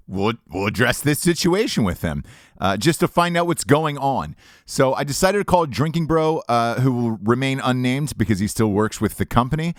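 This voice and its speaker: Animated swearing podcast host, man. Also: mid-range voice, no echo, clean studio sound. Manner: animated storytelling, profane. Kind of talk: casual podcast chat.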